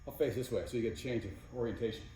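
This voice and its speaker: A man's voice: medium pitch, racing. A man giving casual workout instruction as a fitness coach, counting reps between exercise cues. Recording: very echoey room, mic far off, faint noise.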